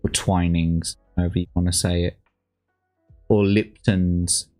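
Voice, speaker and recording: A man's voice: low-pitched, flat delivery, moderate pace, dark tone, faint music behind. A man casually commenting on a livestream, rambling and sweary with plenty of slang. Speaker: streamer reacting to old adverts.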